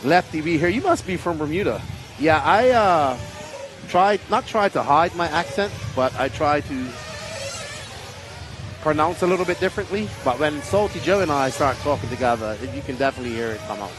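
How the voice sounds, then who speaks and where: A man's voice: on the high side, expressive, normal speed. A man commenting on a race stream in an easygoing, plain-spoken way. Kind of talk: casual commentary. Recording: music playing under the voices.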